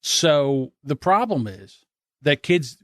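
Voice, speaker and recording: A man's voice: on the high side, very animated, slow, a bit bright, dry recording, studio quality. A man co-hosting a podcast, talking emphatically and opinionated, often chiming in with agreement. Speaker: podcast co-host. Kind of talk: casual chat.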